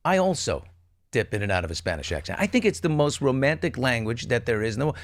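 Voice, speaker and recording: A man chats on a talk show in a playful, gossipy manner. His voice sits at a middle pitch but swings widely as he tells a story. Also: very animated, fast talker. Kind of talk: casual talk show chat.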